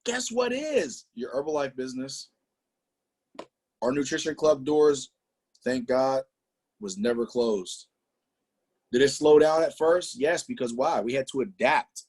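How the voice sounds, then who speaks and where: Hyped husky man giving a sales pitch. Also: lively intonation, measured pace, pauses often, a little mellow. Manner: hyped, emphatic, talks to the audience directly. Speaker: presenter on a business call. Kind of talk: motivational sales presentation.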